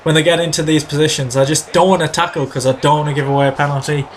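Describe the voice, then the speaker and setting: A man hosting a gaming video, giving chatty play-by-play of his own match and breaking into excited shouts when goals go in. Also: a little high, rapid-fire. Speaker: gaming channel host. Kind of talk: video game commentary.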